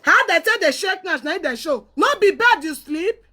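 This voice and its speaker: A woman's voice: extremely high pitch, expressive, normal speed, sharp tone. A woman with a Nigerian accent delivering a heated, scolding rant, hurling insults and repeating herself.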